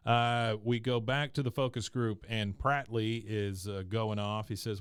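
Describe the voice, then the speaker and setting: A man's voice: on the low side, steady tone, unhurried, few pauses, smooth, dry recording. A man co-hosting a podcast, casually walking through scenes of an episode and reading out lines from it. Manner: narrates scenes, reads out quoted lines. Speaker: podcast co-host. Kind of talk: casual episode recap chat.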